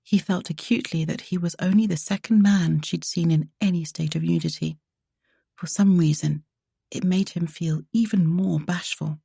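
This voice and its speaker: A woman narrating a romance audiobook in a soft, measured way. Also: lowish voice, steady tone, creaky, breathy edge, no room sound, studio quality.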